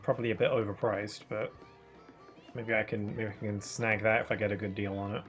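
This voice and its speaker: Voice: mid-range voice, flat delivery, a little fast. A game streamer chatting casually and joking while playing, laughing easily. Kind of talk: casual gameplay chat. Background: faint game music.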